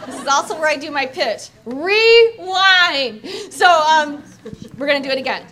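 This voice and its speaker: A woman sales trainer coaching an audience on opening talks, acting out sample pitches with energy and emphasis. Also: lively intonation, fairly quick, bright, forceful tone, slight background noise. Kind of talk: training talk with demonstrations.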